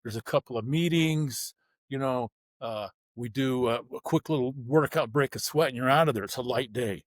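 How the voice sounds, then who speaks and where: A man's voice: mid-range voice, normal speed, no echo. A man telling his story bluntly in an interview, acting out the people he quotes. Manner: vivid, blunt storytelling with acted-out dialogue. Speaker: guest, former pro football player.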